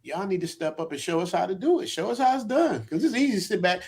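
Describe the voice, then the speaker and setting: A man who runs a channel, talking in casual chat on a stream, animated, laughing often and repeating himself. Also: high-pitched, fast, husky. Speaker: YouTuber guest.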